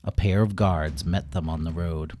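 A man narrating a children's story in a gentle, lively storytelling manner. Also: low-pitched, normal speed, a little hiss or hum.

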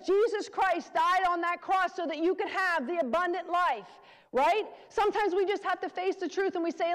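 A woman's voice: extremely high pitch, normal speed. A woman preaching an earnest, encouraging sermon and speaking sample prayers aloud. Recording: long reverb of a large hall.

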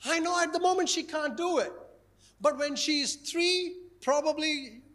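High-voiced male pastor preaching. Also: measured pace. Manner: animated, playful, repeats key phrases. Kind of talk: sermon.

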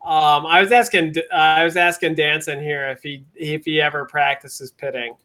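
A man's voice: fairly high pitch, fairly even intonation, normal speed, bright, forceful tone. A man hosting a casual chat, steering the talk and rambling a little. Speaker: podcast host.

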